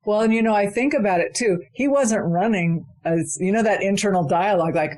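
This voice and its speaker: A woman's voice: mid-range voice, brisk, few pauses, a little mellow. A woman hosting a podcast, asking questions and affirming her guest. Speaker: podcast host. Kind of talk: podcast interview.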